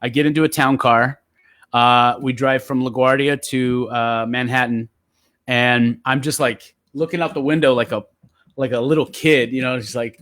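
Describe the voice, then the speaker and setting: A man's voice: medium pitch, normal speed, dry recording. Chatty man telling a story, dry sound. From San Jose area. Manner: relaxed, chatty storyteller with many fillers. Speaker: guest poet. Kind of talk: casual storytelling chat.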